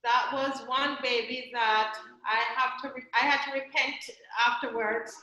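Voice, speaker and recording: A woman speaks as an interview guest, her voice high and tense-bright. She tells stories animatedly, breaking into laughter. The sound rings a little in a roomy space. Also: fairly even intonation, a little slow, lo-fi sound. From Jamaica. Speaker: filmmaker guest. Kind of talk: casual interview storytelling.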